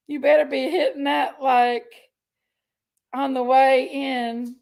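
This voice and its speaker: Here the livestream host has a high voice with vocal fry and speaks at a moderate pace. Warm and talkative, she welcomes viewers by name and uses pet names for them.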